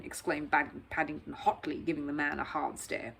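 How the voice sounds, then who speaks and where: A woman reading a children's novel aloud in an expressive, lively storytelling manner. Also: low-pitched, normal speed, vocal fry, husky. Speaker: storybook reader.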